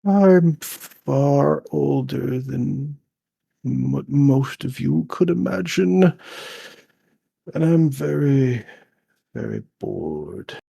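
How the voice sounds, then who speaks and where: A man voicing an ancient, bored male river lord spirit in a tabletop game, speaking in a deep, slow, haughty voice. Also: sing-song, gravelly, dark tone, breathy edge, no echo, full character voice. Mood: weary, imperious.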